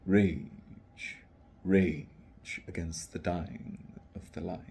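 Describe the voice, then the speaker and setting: A man's voice: fairly low pitch, a little mellow. A man doing a wavering, grand old poet's recital voice. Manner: slow dramatic recitation, lines fading to near whisper. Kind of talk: poetry recital.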